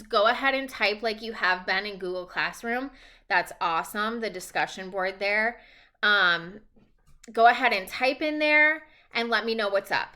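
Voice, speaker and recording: Woman teacher, crisp bright tone, easygoing and reassuring, talking students through a remote assignment. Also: mid-range voice. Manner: casual, reassuring, checks in with frequent "okay?". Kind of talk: recorded remote class instructions. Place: at home.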